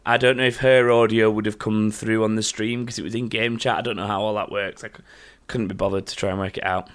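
A man's voice: lowish voice, flat delivery, quick pace. A man, a podcast host chatting casually and telling stories. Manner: chatty, laughing, storytelling. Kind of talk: casual chat.

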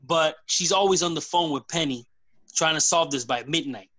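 Bright-voiced man pitching a story. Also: moderate pace. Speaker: brainstorming a movie plot. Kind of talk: casual group brainstorm.

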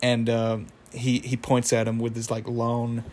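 A man's voice: mid-range voice, monotone, measured pace, a little mellow, a little hiss or hum. A young man casually recapping a cartoon episode, rambling with lots of fillers and chuckling at the story. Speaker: show recapper.

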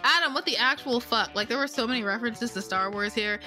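A woman's voice: fairly high pitch, fast talker, sharp tone, soft background music. A woman casually narrating a role-playing scene, sarcastic, profane and rambling. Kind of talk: casual comedic game narration.

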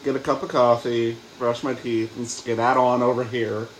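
A man's voice: mid-range voice, flat delivery, normal speed. A young man co-hosting a casual podcast, telling stories in a wry, mildly irritated way. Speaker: podcast co-host. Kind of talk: casual chat. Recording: roomy echo, faint background hum.

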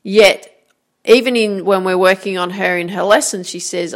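A woman's voice: medium pitch, fairly even intonation, normal speed. A woman hosting a motivational podcast as a golf coach, talking earnestly and encouragingly and repeating her key phrases.

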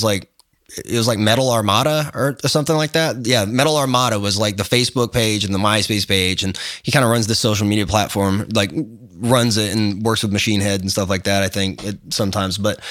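A man's voice: lowish voice, no echo, studio quality. A man on a podcast telling a long story, full of fillers and restarts, acting out the other people as he goes. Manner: rambling, lots of fillers and restarts, animated retelling. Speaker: guest photographer. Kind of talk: casual interview storytelling.

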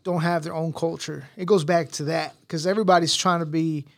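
A man's voice: on the high side, steady tone, fairly quick, dry recording, studio quality. A man hosting a casual interview, asking long questions that wander and restart. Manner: rambling, hesitant, full of restarts. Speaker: interview host.

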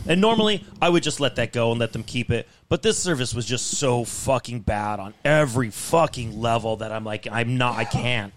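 A man's voice: mid-range voice, a bit bright, a little hiss or hum. Profane ranting male podcast host. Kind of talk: casual ranting podcast chat.

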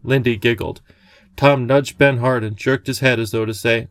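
Casting: male audiobook narrator, gravelly, dry close studio sound, measured. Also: mid-range voice, steady tone, dry recording. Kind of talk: scripted narration.

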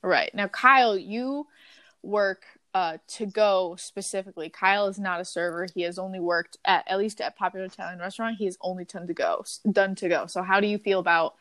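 A woman in her twenties talking in a casual, animated chat about restaurant work, full of fillers and casual swearing. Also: medium pitch, fairly quick, no room sound. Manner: animated storytelling with frequent fillers. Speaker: podcast host.

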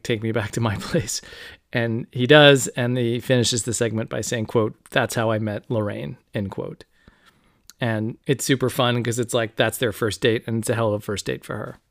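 A man hosting a podcast, casually retelling a novel and reading quotes aloud with lively asides. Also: medium pitch, dry recording, studio quality. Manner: animated, reads quotes aloud, casual fillers. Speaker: podcast host. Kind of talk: casual book discussion.

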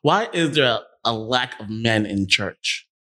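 A man's voice: mid-range voice, animated, unhurried, sharp tone. Male podcast host asking probing questions. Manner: asks careful, probing questions. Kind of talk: casual interview questions.

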